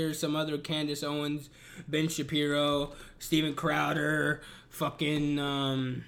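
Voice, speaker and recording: A man's voice: on the high side, monotone, measured pace, gravelly, fairly bright tone. A man in a casual, profane rant, talking in an exasperated and emphatic way. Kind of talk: casual ranting commentary.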